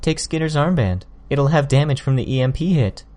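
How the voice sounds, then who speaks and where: A man reading an audiobook, voicing a sly, smug young woman who needles her opponents with quick, pointed jabs. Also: mid-range voice, lively intonation, darkish tone, pitched above the performer's own voice, natural voice. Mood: taunting.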